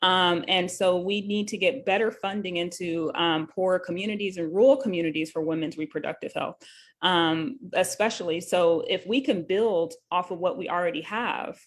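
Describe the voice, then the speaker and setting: A woman's voice: on the low side, moderate pace. A woman hosting a live talk show as a nurse, explaining a bill in an earnest, conversational way with many fillers and self-corrections. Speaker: host and nurse.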